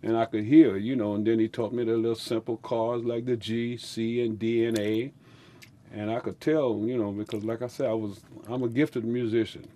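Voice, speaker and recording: A man's voice: mid-range voice, flat delivery, normal speed, mellow. An older man with a Louisiana accent, a musician telling rambling stories in an interview with folksy speech and frequent laughter. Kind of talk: storytelling interview.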